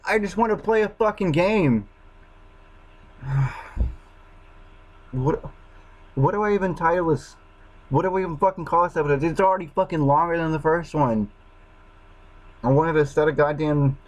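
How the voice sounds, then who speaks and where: A man's voice: mid-range voice, low-quality recording. A man ranting alone to his camera, exasperated, swearing constantly and restarting his sentences. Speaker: gaming vlogger. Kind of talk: frustrated solo rant.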